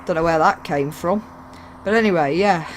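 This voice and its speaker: A man chatting through a train game in a loose, joking, self-mocking way. His voice sits a little high. Faint game sounds run underneath. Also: moderate pace, noisy background. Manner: rambling, jokey, self-mocking. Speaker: gaming YouTuber. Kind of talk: casual gameplay commentary.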